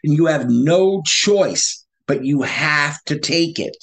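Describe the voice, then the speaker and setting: A man guest on a video call, telling his story in an animated way, laughing and acting out past conversations. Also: fairly high pitch, slow.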